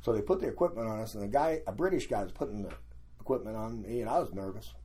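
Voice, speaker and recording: An older man with a low, husky voice spins a casual story as a guest. He tells his anecdotes with energy and slips into the voices of the people in them. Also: fast talker. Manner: animated anecdotes, acting out quoted voices.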